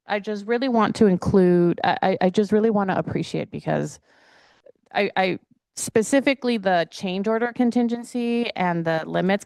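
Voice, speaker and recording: A woman's voice: medium pitch, clear, resonant tone, no echo. A woman speaking as a councilmember at a city council meeting, talking hesitantly with many fillers and restarts.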